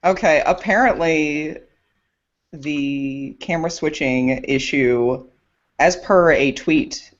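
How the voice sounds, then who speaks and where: A woman co-hosting a podcast over a video call, brisk and practical while fixing the tech. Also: sits low, lo-fi sound. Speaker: podcast co-host. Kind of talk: casual chat.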